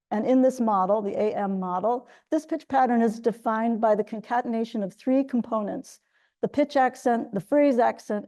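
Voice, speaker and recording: A woman delivering an academic lecture, her voice gravelly with a mellow, darker tone. She walks through her points methodically and often restarts a phrase mid-sentence. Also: medium pitch. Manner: explanatory, methodical, with frequent restarts. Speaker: guest lecturer.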